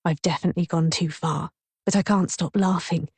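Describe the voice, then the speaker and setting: A woman's voice: lowish voice, steady tone, a little fast, a little mellow, breathy edge, no room sound. A woman narrating a first-person audiobook in a wry, mocking tone.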